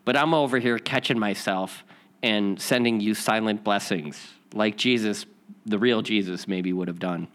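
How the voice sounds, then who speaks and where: Rambling, low-voiced man telling a story. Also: moderate pace, a bit bright. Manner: rambling, many restarts and repeats. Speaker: spiritual lesson host. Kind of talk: casual personal storytelling and lesson reading.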